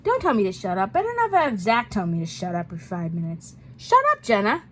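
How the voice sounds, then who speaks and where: A woman's voice: medium pitch, very animated, a little fast, a bit bright, a little hiss or hum. A woman acting out a homemade skit, doing every voice herself, with a bickering, teasing manner.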